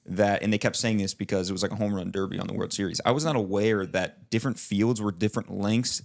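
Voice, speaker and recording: With a fairly low, creaky voice and a steady tone, a young man co-hosting a podcast talks fast. His casual chat rambles, with many filler likes, restarts, and frequent laughter.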